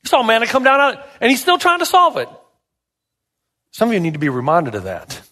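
This male pastor's voice is high-pitched and a little bright, echoing through a large hall. He preaches with lively storytelling and forceful rhetorical questions.

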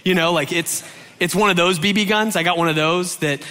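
A man from Georgia, USA, telling a funny childhood story, acting out the quotes with big jumps in his voice. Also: fairly quick. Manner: animated, acts out quotes with big pitch jumps. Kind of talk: comic storytelling. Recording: long hall reverb.

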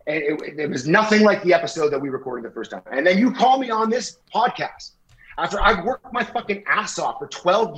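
Ranting, profane high-voiced man. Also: a bit bright, rough recording. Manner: rambling, profane, confrontational, acts out quotes. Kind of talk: heated comedic rant. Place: indoor room with wallpaper and a lit mirror.

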